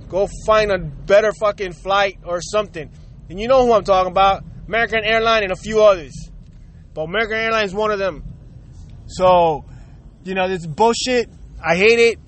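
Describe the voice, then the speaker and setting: A man's voice: high-pitched, fairly bright tone, slight background noise. A Puerto Rican man hosting his own show, venting in a heated, profane rant aimed straight at his listeners. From Puerto Rico. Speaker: podcast host. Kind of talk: angry rant.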